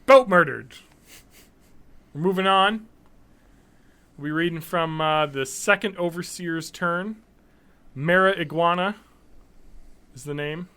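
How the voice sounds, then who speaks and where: A man's voice: fairly high pitch, slow pace, pauses often, sharp tone, smooth. A man co-hosting a casual podcast, reading out odd news stories with sardonic jokes. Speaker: podcast co-host.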